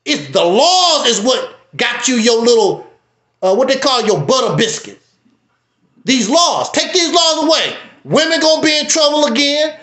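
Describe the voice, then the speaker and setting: A man hosting a livestream, talking in a casual, preachy, emphatic way with wide swings in pitch. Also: sing-song, moderate pace, a bit bright, echoey room. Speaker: livestream host. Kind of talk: casual commentary.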